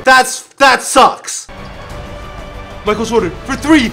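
A man giving live commentary over a basketball video game, excitable, shouting at his players and laughing often. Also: very high-pitched, slow pace, creaky, long pauses, faint music behind, some chatter behind. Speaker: gaming YouTuber.

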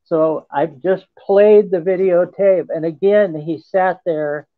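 A man, a guest in an interview, telling a first-person account in an earnest, halting way. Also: high voice, fairly even intonation, no echo. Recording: tinny phone line, dry.

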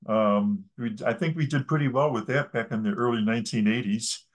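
A man's voice: medium pitch, brisk. A man, a drummer guest, chatting casually with easygoing brief replies. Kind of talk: casual chat.

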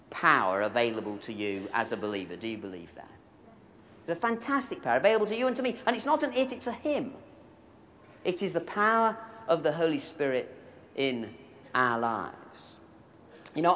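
Lively man preaching in a hall. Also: sits high. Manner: animated storytelling with humour and direct appeals to the audience. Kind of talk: sermon. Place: large hall at a conference event. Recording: live recording in a reverberant hall.

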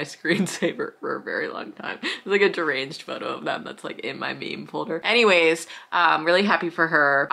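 Low, gravelly woman vlogging casually. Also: bright, forceful tone. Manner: gushing, chatty, swears casually. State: tired. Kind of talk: casual chat to camera.

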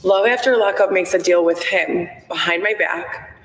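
A woman's voice: lowish voice, moderate pace, a little hiss or hum. A woman in her thirties talking on a live stream from her phone, rambling with lots of "like" and "um". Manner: rambling, frequent "like" and "um". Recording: echoey, roomy playback of a live stream.

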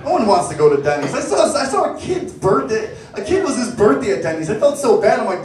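A man doing a stand-up comedy set, telling stories in a deadpan, sardonic way from a club stage. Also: high-pitched, quick pace, few pauses, crowd noise. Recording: echoey club, distant mic, noisy.

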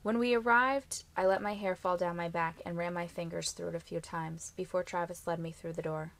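A woman narrating a first-person romance novel in an even, quietly expressive reading. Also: on the low side, a little fast. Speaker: audiobook reader.

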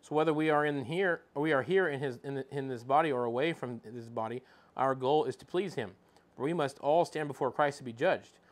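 A man's voice: mid-range voice, a little fast. A man giving an informal Bible teaching, reading scripture aloud and searching for verses as he talks. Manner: conversational, reads scripture aloud and looks up verses mid-talk.

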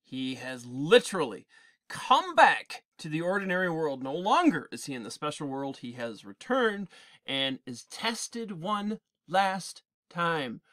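A male teacher giving an animated, digressive literature lecture in class, with frequent restarts. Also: fairly high pitch, unhurried. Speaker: English teacher.

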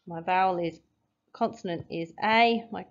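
A woman's voice: fairly low pitch, measured pace, highs cut off. A woman teaching a phonics lesson, patiently sounding out letters and syllables step by step. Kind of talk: phonics lesson, explaining at a board.

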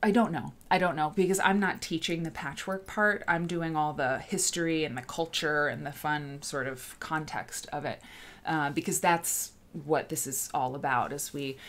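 A woman hosting a casual livestream, chatty and rambling, greeting viewers in the chat by name. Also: low-pitched. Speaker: host.

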